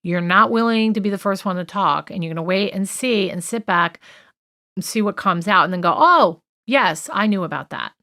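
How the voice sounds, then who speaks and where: A woman's voice: mid-range voice, fairly quick, pushed and bright. A woman co-hosting a true crime podcast, talking through a list in a chatty, opinionated way with many fillers and asides. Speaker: podcast co-host.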